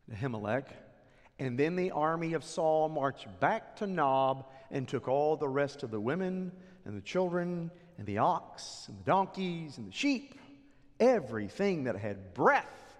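A male preacher retells a story in a sermon, his voice set high and swinging widely, sometimes sinking to near whispers for effect. Long reverb from a large hall follows every line. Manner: animated retelling with dramatic drops to near whispers.

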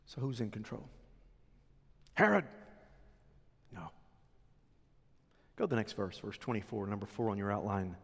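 A man preaching a sermon as a pastor, telling the story with animated drama. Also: fairly low pitch, unhurried, creaky, pauses often, breathy edge. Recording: long hall reverb.

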